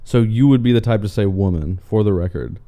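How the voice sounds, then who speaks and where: A man's voice: lowish voice, fairly quick, mellow. A young man in his twenties co-hosting a podcast, making dry, teasing short remarks in casual chat. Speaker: podcast co-host.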